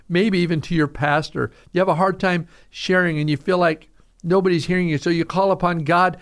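Pastor guy preaching on the radio, gravelly, kinda high voice, earnest, talks right to the folks listening. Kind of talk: radio sermon.

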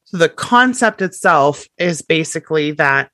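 Animated woman coach, dry close sound. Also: low-pitched, unhurried, no echo. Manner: animated, acts out quotes of clients and herself. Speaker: strengths coach. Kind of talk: podcast interview.

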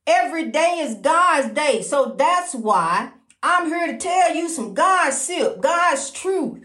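A woman's voice: high voice, lively intonation, slow, fairly bright tone. A middle-aged woman hosting her own podcast, talking casually about faith in a folksy, preachy way, calling the listener honey. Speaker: podcast host. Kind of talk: casual spiritual talk. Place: indoors at a lighthouse, roomy. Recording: roomy echo.

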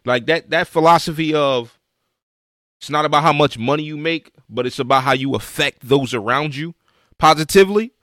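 A man's voice: on the high side, normal speed, a bit bright, no room sound, clean studio sound. A man co-hosting a casual podcast, recapping an episode in slangy, laid-back talk and laughing often. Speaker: podcast co-host.

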